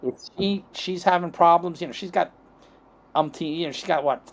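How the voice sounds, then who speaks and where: Man, middle-aged, slightly high voice, rambling storyteller, podcast guest. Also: normal speed. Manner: acts out quoted dialogue, checks in with "okay?" and "right?". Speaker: chiropractic guest.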